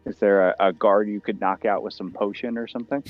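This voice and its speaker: A man's voice: on the low side, fairly even intonation, a little fast, no room sound, faint music behind. Joking male player, laughs a lot, dry and slightly muffled mic. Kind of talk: casual tabletop game chat.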